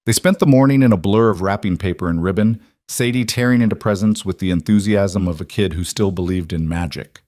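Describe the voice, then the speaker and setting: A man narrating an emotional story in a calm, measured, scripted reading. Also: low voice, dry recording, clean studio sound.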